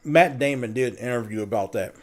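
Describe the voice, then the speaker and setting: A man's voice: medium pitch, fairly quick. A man chatting casually on a live stream, telling stories with animation and putting on voices. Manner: animated storyteller, puts on voices. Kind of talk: casual chat.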